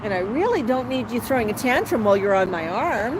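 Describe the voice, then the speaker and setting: A woman hosting a live stream from her patio, gently soothing her pet bird as if talking to a small child. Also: a little high, very animated, a little fast. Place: outdoor patio by a street. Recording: outdoor street traffic noise.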